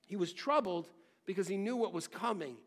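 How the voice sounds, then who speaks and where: A man's voice: high-pitched, a little fast. A man preaching a sermon as a pastor, earnest and conversational, weaving in personal stories.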